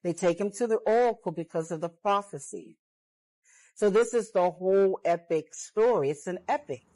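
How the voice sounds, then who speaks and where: A woman's voice: medium pitch, moderate pace, mellow, no room sound, rough recording. A woman earnestly laying out a long theory, linking one idea to the next as she tells it like a story. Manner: earnest, building a long chain of ideas.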